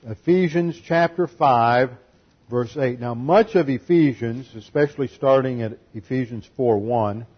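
A man's voice: medium pitch, unhurried, slightly rough, highs cut off. A man preaching an expository sermon, teaching methodically through numbered points and scripture. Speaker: pastor.

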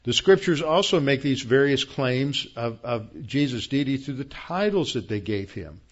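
A man preaching a verse-by-verse Bible lesson in a plain explaining tone, often pausing on fillers and restarting sentences. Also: mid-range voice, lively intonation, muffled recording. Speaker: pastor. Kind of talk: Bible teaching sermon.

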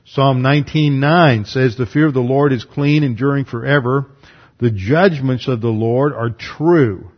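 A man's voice: mid-range voice, unhurried, muffled recording. A man giving a methodical, numbered Bible lesson, reading verses aloud and then explaining them. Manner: methodical, reads scripture aloud between explanations. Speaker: Bible teacher.

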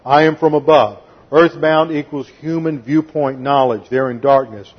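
A man's voice: on the high side, steady tone, moderate pace, highs cut off. A man preaching a methodical expository sermon, explaining Greek grammar and reading scripture aloud. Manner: methodical, explains Greek grammar, occasional sarcastic voicing of quotes. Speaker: pastor. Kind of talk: expository Bible teaching sermon.

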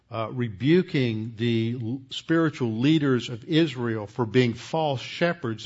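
A man at a middle pitch, teaching a Bible lecture in a steady, explanatory manner and correcting himself as he goes. The recording sounds a bit dull and muffled. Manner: measured, explanatory, self-correcting.

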